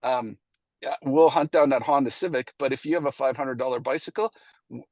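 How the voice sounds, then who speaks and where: Middle-aged man, mid-pitched, loose anecdotal delivery, dry close sound. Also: brisk, a little mellow, dry recording. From Canada. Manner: anecdotal, acts out past dialogue, frequent fillers. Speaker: presenter at a committee meeting. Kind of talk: casual storytelling presentation.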